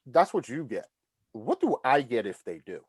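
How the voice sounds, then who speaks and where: A man's voice: mid-range voice, big pitch swings, moderate pace, slightly rough, dry recording. A man with a mid-range voice hosts a soccer podcast from a video call. The sound is dry and close, and the talk is casual and jokey. He moves the roundtable from one guest to the next. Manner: jokey, leads the segment. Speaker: podcast host.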